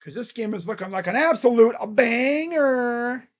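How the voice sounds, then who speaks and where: A streamer giving live play-by-play reaction to a basketball game, reading out stats and getting excitable, repeating catchphrases and laughing. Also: medium pitch, fast talker. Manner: reads out box score stats.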